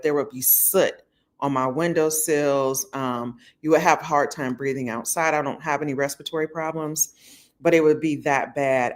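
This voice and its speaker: A woman talking casually to her viewers from home, chatty, with loose slang and lots of fillers. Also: low voice. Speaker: vlogger. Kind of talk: casual talk to camera. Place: at home indoors.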